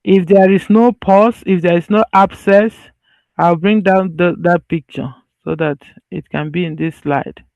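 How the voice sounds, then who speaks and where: Man, high-pitched voice, medical lecturer, repeats himself for emphasis, casual restarts, dry dull recording. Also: fairly even intonation, a little slow, gravelly, darkish tone, no echo. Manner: conversational, loose phrasing with restarts. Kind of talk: slide-based teaching.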